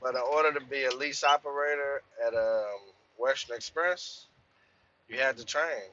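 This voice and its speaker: A man's voice: medium pitch, moderate pace, sharp tone, lo-fi sound. A man vlogging from inside his truck cab, telling a rambling, profane story in casual talk and saying "man" a lot.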